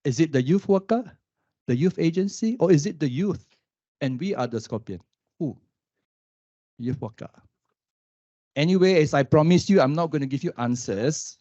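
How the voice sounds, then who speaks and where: Animated male panel storyteller. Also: fairly high pitch, normal speed, long pauses, no echo, highs cut off. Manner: animated storyteller, asks the audience questions. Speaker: panel speaker, youth worker.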